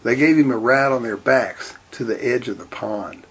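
A man reading a storybook aloud in a steady, deadpan way. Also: medium pitch, moderate pace, husky. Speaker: narrator.

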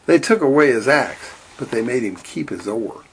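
A man reading a storybook aloud in a steady, deadpan way. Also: medium pitch, moderate pace, husky. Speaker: narrator.

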